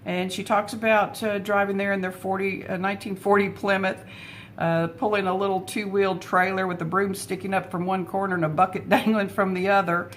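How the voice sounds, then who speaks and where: A middle-aged woman talking at her desk at home in a casual personal vlog, unhurried and heartfelt, pausing often on fillers. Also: mid-range voice, level tone, slight background noise. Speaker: vlogger.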